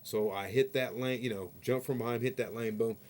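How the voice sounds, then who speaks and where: A man's voice: mid-range voice, fairly even intonation, brisk, darkish tone, a little hiss or hum. A man ranting in a vlog, telling a story in a rambling, profane and heated way, often asking "you know what I mean". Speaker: vlogger.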